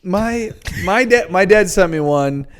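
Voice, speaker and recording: Young male co-host, higher-pitched, laughs through his stories, comedy podcast. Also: unhurried. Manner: animated, giggly storyteller. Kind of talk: casual comedy podcast chat.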